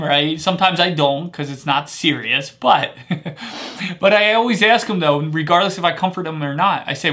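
A man in his thirties gives an upbeat motivational talk as a life coach. His voice sits high and comes across bright and forceful. He keeps checking in with the viewer with "right?". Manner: energetic, punctuates points with "right?".

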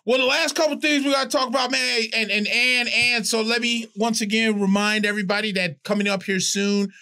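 A man co-hosting a casual sports podcast, animated, loose and emphatic. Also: very high-pitched, a little fast, smooth, no room sound, studio quality. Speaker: co-host.

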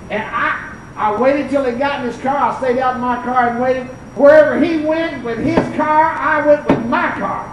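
This is an older preacher at a revival service, fervent and storytelling, who swings up into shouted peaks. The voice sits high and rings around a reverberant church, picked up from well back with a faint hiss underneath. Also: normal speed. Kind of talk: revival sermon. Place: church sanctuary. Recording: echoey church, mic far off.

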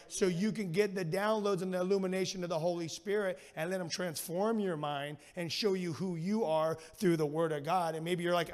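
A man preaching a sermon as a guest speaker, energetic and slangy, telling stories with animated delivery. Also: high-pitched, a little fast, hardly any pauses. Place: church sanctuary. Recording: long church hall reverb.

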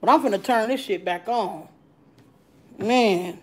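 A woman hosting a live mukbang stream from home, chatting loudly and profanely while answering viewer comments. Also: medium pitch, a little slow, poor audio. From Arizona. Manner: loud, profane, animated, reading and answering chat comments. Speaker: livestream mukbang host. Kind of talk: casual live-stream chat.

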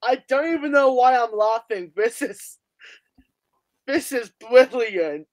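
A host in an excited reaction chat with friends, who laughs a lot and swears in disbelief. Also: mid-range voice, slow pace.

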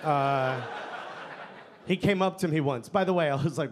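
A young man with a New York accent doing a stand-up set, playful, dropping his voice low and soft for punchlines. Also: brisk. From New York area. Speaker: stand-up comedian. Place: comedy club stage with laughing audience. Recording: live club recording with crowd noise.

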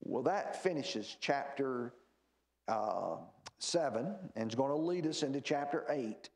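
A man's voice: medium pitch, echoey room. A man leading a church Bible study, reading scripture aloud with rising emphasis and explaining it plainly with fillers. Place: church meeting room.

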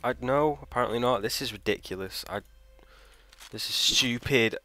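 A man hosting a let's play, thinking aloud, trailing off, swearing and shouting in frustration as he plays. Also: medium pitch, normal speed, soft background music. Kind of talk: live gameplay commentary.

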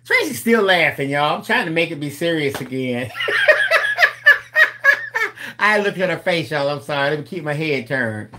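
A man's voice: a little high, lively intonation, noisy background. A man, co-hosting a casual chat as he reads get-well cards, joking and laughing as he talks. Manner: joking, laughing, drawn-out storytelling. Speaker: co-host.

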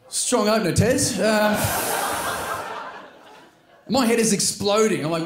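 A male comedian with an Australian accent telling wry, animated stories on stage. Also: high voice, a little slow, pauses often. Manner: wry, animated storytelling with quoted voices. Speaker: stand-up comedian. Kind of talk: stand-up storytelling. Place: live comedy venue on stage. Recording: live venue with long reverb and faint noise.

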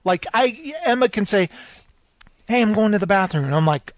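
A man with a high, very lively voice chats on a podcast, acting out the people in his stories as he goes. The sound is dry and close, with no room around it. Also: moderate pace, dry recording. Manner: animated storyteller, acts out quoted voices. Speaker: podcast co-host. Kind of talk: casual chat.

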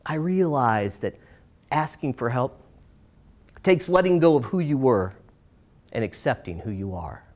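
A middle-aged man performs a personal story for a live audience. His delivery swings between brighter, lifted passages and quiet, slowed moments. He leans on dramatic pauses. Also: mid-range voice, big pitch swings. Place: stage in a small performance space.

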